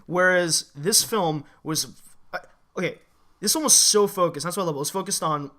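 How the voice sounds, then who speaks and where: A man co-hosting a casual movie review chat, excitable and blunt, swearing freely and talking in quick bursts. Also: high voice.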